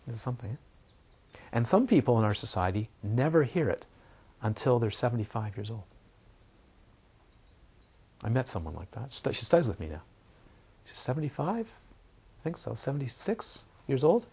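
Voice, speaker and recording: A man's voice: mid-range voice, very animated, moderate pace, long pauses, a little mellow, husky. A man teaching meditation in a dharma talk, repeating key words for emphasis and sometimes dropping to a whisper. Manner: repetitive, emphatic, drops to a whisper in quotes.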